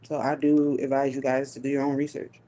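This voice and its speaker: A woman giving a live tarot reading, musing slowly with long hums and pauses, and talking in a casual, profane way. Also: a bass voice, level tone, mellow. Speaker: tarot reader.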